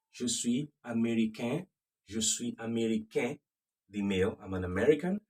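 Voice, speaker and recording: A man with a Nigerian accent teaching French, slowly repeating phrases and checking that the class follows. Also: medium pitch, darkish tone, slightly rough. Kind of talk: slow classroom lesson. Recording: voice from a distance off the mic.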